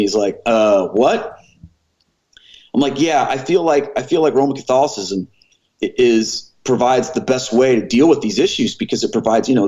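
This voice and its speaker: Podcast guest, 40s man, earnest and animated, acts out the dialogue, average pitch, muffled audio. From American Midwest. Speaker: former pastor, podcast guest. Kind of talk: storytelling in a conversational interview.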